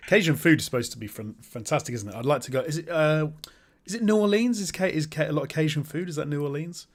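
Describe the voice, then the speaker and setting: A man's voice: on the high side, fast talker. British man, podcast co-host, casual chatty banter, questioning. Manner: chatty, asks lots of questions.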